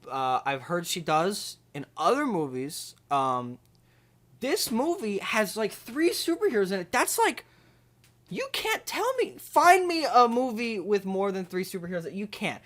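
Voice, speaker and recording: In a comedy video, a man plays an overconfident movie ranker who rambles and trips over his words. His voice is high-pitched and very animated, a little slow, with a fairly bright tone. He bumbles along with lots of fillers and restarts.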